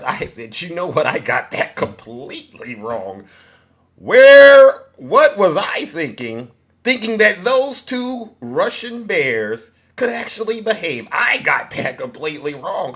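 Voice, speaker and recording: A man's voice: on the high side, a bit bright. A man hosting a casual livestream, boasting playfully about himself and greeting his viewers by name. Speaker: livestream host.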